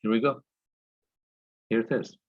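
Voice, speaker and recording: A man's voice: mid-range voice, steady tone, measured pace, dull audio. A male engineering lecturer walking through calculations step by step and asking the class questions. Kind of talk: recorded lecture walkthrough.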